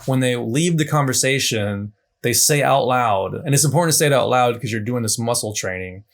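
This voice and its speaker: A man's voice: mid-range voice, brisk, creaky. Man giving loose, chatty language tips. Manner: loose and conversational, many restarts and asides. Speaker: language teacher. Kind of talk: casual unscripted teaching talk.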